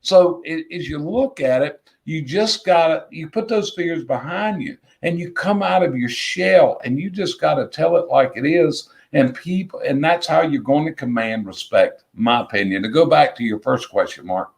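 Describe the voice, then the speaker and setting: A man's voice: a little high, moderate pace, vocal fry, hardly any pauses. A middle-aged man with a Southern US accent, a business coach talking bluntly and emphatically as a guest in an interview, repeating his points for effect. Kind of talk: casual interview talk.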